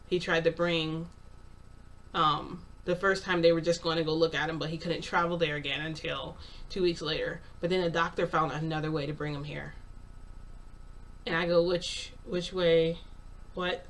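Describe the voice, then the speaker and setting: A woman's voice: on the low side, a bit bright, far from the mic. A woman casually retelling a story in the first person, narrating dialogue with lots of "I'm like" and "he's like". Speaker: channel host telling a story.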